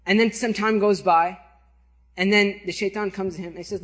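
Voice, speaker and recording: Man, preacher, sermon storytelling, high-pitched, husky, conversational. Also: moderate pace. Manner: animated, conversational, checks in with listeners.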